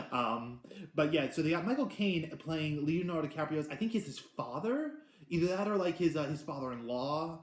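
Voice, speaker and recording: A man hosting a casual movie review, talking in an excitable, rambling way with many restarts and the odd swear word. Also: a little high, normal speed. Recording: roomy echo.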